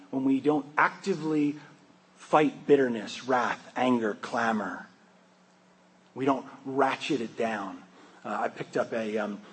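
A man's voice: mid-range voice, breathy edge, low-quality recording. A man preaching a sermon in a conversational, joking way, often asking his listeners questions. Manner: conversational, humorous, asks the congregation questions. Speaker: pastor.

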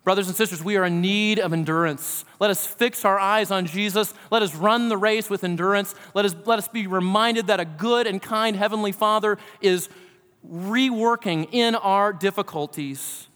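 A man's voice: sits high, moderate pace, a bit bright. A middle-aged pastor preaching a sermon, earnest and asking his listeners direct questions. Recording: long reverb of a large hall.

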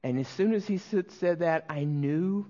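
A man preaching a sermon as a pastor, telling a personal story earnestly and emotionally, often dropping to a hushed voice, with frequent restarts. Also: fairly high pitch, moderate pace, muffled recording.

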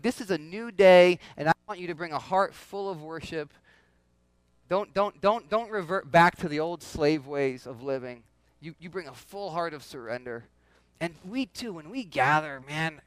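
A pastor delivers a sermon to his congregation in a loose, conversational style, repeating phrases and calling out questions. His high voice is smooth, clear and fairly bright, recorded dry and close with no room echo.

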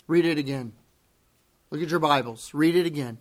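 Slow, high-voiced male pastor preaching. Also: fairly bright tone. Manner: emphatic, deliberate, repeats key phrases. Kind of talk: sermon.

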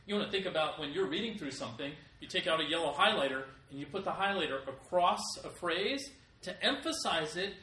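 A man's voice: fairly high pitch, pushed and bright. A middle-aged man preaching a sermon as pastor, with emphatic rises in volume. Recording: echoey room, voice from a distance.

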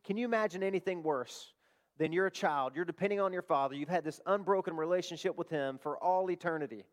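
Passionate preaching man, pitch slightly high. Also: quick pace. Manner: passionate preaching, voice rising on declarations and dropping soft in prayer. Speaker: pastor. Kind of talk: sermon. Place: church service.

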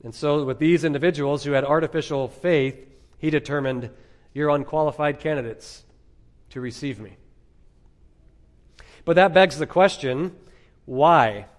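A man preaching an expository sermon as pastor, emphatic, with dramatic pauses and rhetorical questions. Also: on the high side.

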